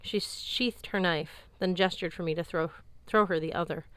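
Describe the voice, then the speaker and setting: A woman narrating an audiobook in a measured, even tone, recorded close on a studio mic. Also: on the low side, smooth, dry recording. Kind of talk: scripted narration.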